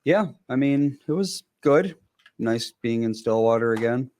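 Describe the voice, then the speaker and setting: A man's voice: mid-range voice, expressive, a little slow, a little mellow. A man in a casual family chat, laid-back and giving mostly short replies. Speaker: family member.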